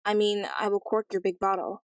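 A woman voicing a cool, blunt young prince in a storybook reading, calm and matter-of-fact. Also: mid-range voice, brisk, dry recording, lightly acted.

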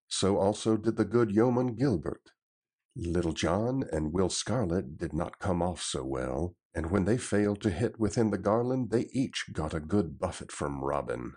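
A man reading an old adventure story aloud in a steady, even delivery. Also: deep voice, moderate pace, breathy edge. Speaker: narrator.

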